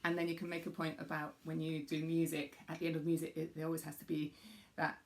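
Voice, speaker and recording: A woman's voice: low voice, completely flat delivery, fast talker, gravelly. Woman teacher explaining music games. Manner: patient, explanatory, demonstrates rhythms aloud. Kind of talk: teaching demonstration.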